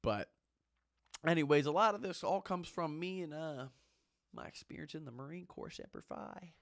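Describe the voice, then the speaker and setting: A man's voice: a little high, lively intonation, normal speed, gravelly, fairly bright tone, dry recording, clean studio sound. A man and former Marine giving an impassioned, ranting monologue, repeating his points with emphasis. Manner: fired-up, ranting, emphatic repetition.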